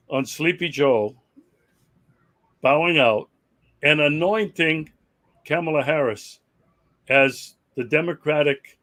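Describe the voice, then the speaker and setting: A man's voice: fairly high pitch, fairly bright tone. A man hosting an interview show, friendly and loose, often restarting sentences. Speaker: show host. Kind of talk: interview host chat.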